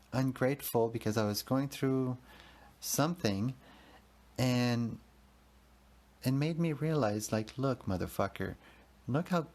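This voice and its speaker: Guy in his 30s talking to himself on his podcast, lowish voice, swears a lot, rambly. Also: a little mellow. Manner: rambling, profane, emotional, talks to himself. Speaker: podcast host. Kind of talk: confessional solo monologue.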